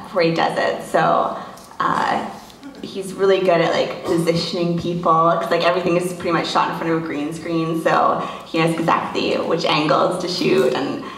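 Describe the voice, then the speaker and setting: Low-voiced actress, casual answers. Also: female voice, fairly bright tone, a little hiss or hum. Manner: casual, filler-heavy. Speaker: actress in the film. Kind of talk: live Q&A answers. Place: cinema hall after a screening. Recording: roomy, distant mic, faint ambience.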